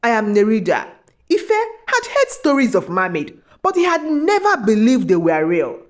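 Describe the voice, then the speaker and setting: Expressive woman storyteller, very lively pitch. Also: moderate pace. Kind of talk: scripted story narration.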